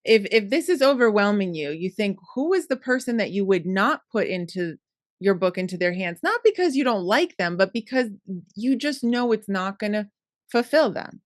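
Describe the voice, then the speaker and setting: A woman co-hosting a podcast in casual chat, who laughs often and is quick to agree. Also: medium pitch, very animated, no room sound, studio quality. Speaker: podcast co-host.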